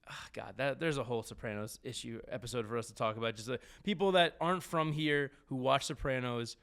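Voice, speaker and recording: Podcast host, New man, mid-pitched, animated and jokey, trips over his words. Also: fairly quick, creaky, clean tone. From New Jersey. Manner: animated, stumbling restarts, joking. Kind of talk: casual chat.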